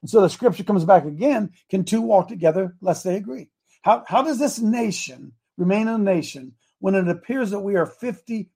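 A man's voice: sits high, creaky, dark tone, breathy edge. A man preaching a sermon that mixes in politics. He calls for amens, repeats himself, and speaks straight to people in the room. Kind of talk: sermon mixed with political talk.

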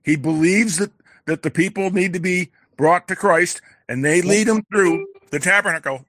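A man calling into a faith talk show, explaining things in a measured, conversational way. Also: high-pitched, fairly bright tone. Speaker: caller. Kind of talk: casual chat.

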